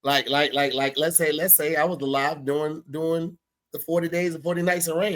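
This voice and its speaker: A man's voice: on the high side, flat delivery, a little fast, a bit bright. A man in casual comedic podcast banter, laid-back and lecturing like a mentor.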